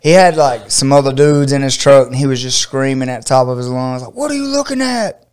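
A middle-aged man from Georgia with a drawl tells a story in casual chat. His voice is smooth and clear. He laughs often and slips into high squeaky voices when he quotes people. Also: flat delivery, a little fast, darkish tone. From Georgia, USA. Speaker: podcast host and fight coach.

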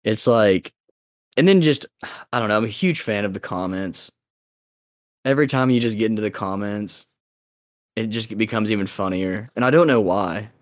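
A young man hosts a laid-back podcast, rambling through whatever comes to mind and laughing often. His voice sits a little low and the sound is dry and close, with no room around it. He swears casually and keeps it relaxed. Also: moderate pace, pauses often, no echo. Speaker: podcast host.

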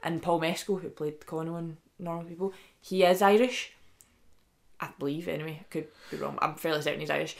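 Chatty young woman, low voice. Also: a little fast, vocal fry. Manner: chatty, heavy use of "like", animated quoting. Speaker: podcast co-host. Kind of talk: casual chat.

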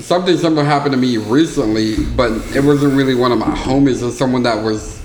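A young man on a casual podcast, telling a story in an animated way with lots of crude slang. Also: mid-range voice, fast. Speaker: podcast co-host. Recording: echoey room with faint noise.

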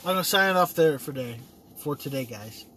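A man's voice: fairly high pitch, expressive, a little fast, pushed and bright, husky. A man talking in a casual, rambling vlog monologue, swearing freely and laughing at himself. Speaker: vlogger.

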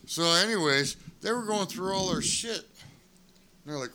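Here the former wrestler, a middle-aged man, has a high-pitched voice at normal speed, with slight background noise. His casual road storytelling is profane and animated, complete with acted-out quotes.

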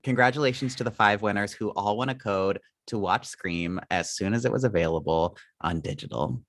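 A woman co-hosting a podcast in casual chat, excitable and playful. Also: very deep voice, a little fast, dry recording. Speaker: podcast co-host.

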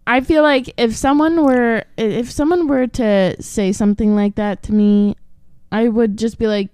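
Smooth-voiced skeptical podcast woman. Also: on the high side, steady tone, moderate pace, warm tone, no room sound, clean studio sound. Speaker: podcast co-host. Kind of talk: casual chat.

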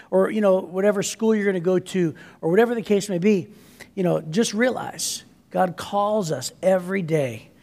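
A pastor with a high, gravelly voice delivers an energetic, conversational sermon, frequently checking in with listeners through "right?" asides. A long hall reverb colors the recording.

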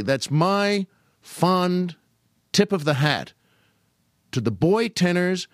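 Animated older man telling showbiz stories. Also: no echo, clean studio sound. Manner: animated, slips into high put-on voices quoting old comedians. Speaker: podcast host. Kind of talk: casual storytelling monologue.

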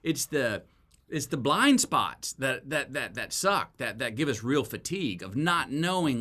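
Animated man telling stories. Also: mid-range voice, unhurried. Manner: animated storyteller, folksy, acts out quotes. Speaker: guest, author. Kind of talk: casual interview talk.

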